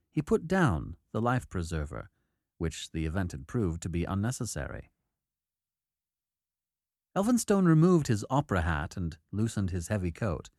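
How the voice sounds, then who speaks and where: A man's voice: on the low side, dry recording, studio quality. A man narrating a period novel as an audiobook, switching into character voices. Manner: expressive storytelling, doing character voices.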